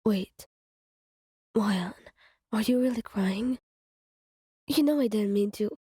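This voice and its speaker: A woman voicing an avoidant young man in a whispered role-play, speaking softly and apologetically. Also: mid-range voice, slow, husky, no echo, studio quality. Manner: soft, apologetic, hushed. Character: avoidant young man, remorseful after yelling.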